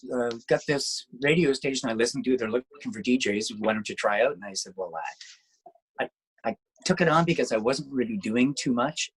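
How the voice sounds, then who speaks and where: Husky-voiced man chatting loosely. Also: medium pitch, low-quality recording. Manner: rambling, with many restarts and fillers. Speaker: guest musician and internet radio DJ. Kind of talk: casual interview chat.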